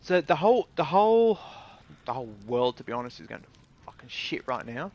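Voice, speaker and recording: A man's voice: a little high, sing-song, a little fast, darkish tone. Indignant Australian man ranting bluntly. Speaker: gaming video creator. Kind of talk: casual ranting commentary.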